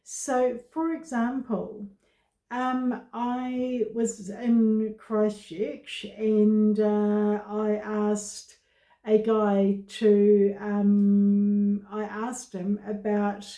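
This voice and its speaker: A woman vlogger talking to camera about her own experience, in slow, halting speech with many pauses and fillers. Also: medium pitch, monotone, warm tone, reverberant. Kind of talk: casual personal talk to camera.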